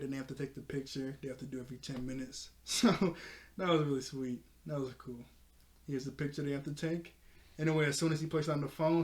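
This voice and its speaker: Guy recapping a cartoon ep, kinda high voice, laughs a lot, acts out the lines. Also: darkish tone, slight background noise. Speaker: episode reviewer. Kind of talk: casual recap with quoted voices.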